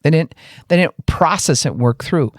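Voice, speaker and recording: Earnest man with a higher voice. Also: lively intonation, normal speed, dry recording, studio quality. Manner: acts out people's inner voices in quoted lines; earnest, explaining step by step. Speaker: podcast speaker on grief and emotions. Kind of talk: teaching talk.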